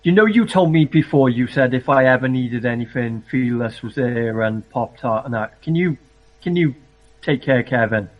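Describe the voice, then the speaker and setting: A man's voice: medium pitch, lively intonation, moderate pace. Casual man on a dull lo-fi mic. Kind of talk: casual voice chat.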